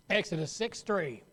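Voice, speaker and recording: A male pastor teaches a Sunday school Bible lesson loosely and conversationally, often breaking off mid-sentence to start over. His voice is fairly high-pitched and fairly bright.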